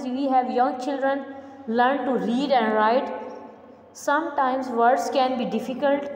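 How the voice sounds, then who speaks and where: A woman teacher, pitched a little high, talking through exercises at a slow, deliberate pace. Her voice rings in a reverberant room with a faint hum behind it. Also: a little mellow. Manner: slow, deliberate, repeats answers word by word. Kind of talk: online revision lesson.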